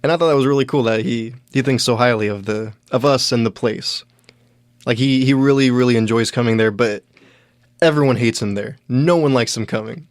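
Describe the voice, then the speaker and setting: A young man hosting a podcast, telling a comedy story in a halting, deadpan way with many restarts. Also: medium pitch, no room sound, studio quality. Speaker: podcast host, stand-up comedian. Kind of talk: casual solo storytelling.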